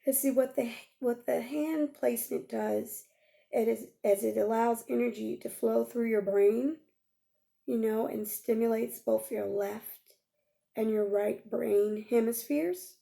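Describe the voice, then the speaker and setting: Soft-toned woman with a heavy gravelly fry. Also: fairly high pitch, fairly even intonation, unhurried. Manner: gentle, coaxing, checks in with frequent "okay?". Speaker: life coach. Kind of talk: guided healing exercise.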